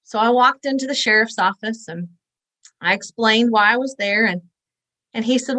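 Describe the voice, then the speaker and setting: A woman's voice: a little high, normal speed, sharp tone, no room sound, rough recording. A woman in her forties, a guest in an interview, tells a personal story in an earnest, conversational way and acts out the voices she quotes. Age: 40s.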